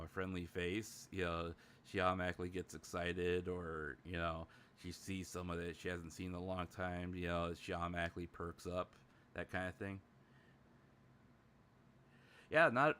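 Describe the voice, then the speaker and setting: A man's voice: deep voice, sharp tone, smooth. A man hosting a casual livestream chat, rambling with lots of filler words. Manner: rambling, heavy use of fillers. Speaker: livestream host.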